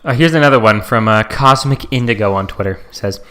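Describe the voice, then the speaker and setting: A man's voice: mid-range voice, fairly quick, few pauses, pushed and bright. A young man co-hosting a casual podcast, sarcastically reading tweets aloud and joking with his co-host. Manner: sarcastic, reads tweets aloud in mocking tones.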